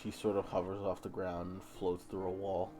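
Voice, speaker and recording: A man's voice: deep voice, completely flat delivery, normal speed, mellow, faint music behind. A man narrating as game master in a casual tabletop session, talking loosely with filler words.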